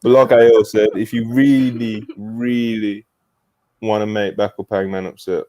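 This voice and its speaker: A man's voice: lowish voice, steady tone, unhurried, dark tone, no echo. A man co-hosting a podcast in a casual chat, easygoing and laid-back. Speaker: podcast co-host.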